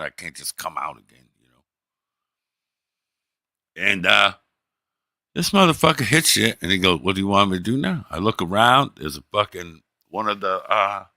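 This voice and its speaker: Middle-aged guy streaming, deep punchy voice, swears a lot, acts out everyone, dry sound. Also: no room sound. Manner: profane, animated, acts out the people in his stories. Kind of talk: casual storytelling.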